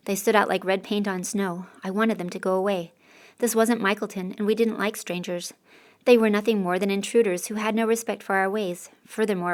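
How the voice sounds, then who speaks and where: Woman narrating a first-person audiobook. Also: mid-range voice.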